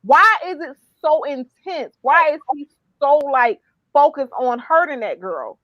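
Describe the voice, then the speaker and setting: Woman, high voice, animated ranting reality-TV chat, dull dry lo-fi sound. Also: a little slow, no room sound. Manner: animated, exclamatory, fired-up ranting. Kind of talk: casual reality-TV recap chat.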